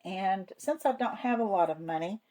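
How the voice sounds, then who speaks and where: Warm in tone and medium in pitch, this woman speaks at a moderate pace with lively intonation while hosting her savings vlog. She narrates her cash stuffing casually, in a folksy, homey style, counting money aloud to herself; the recording is rough.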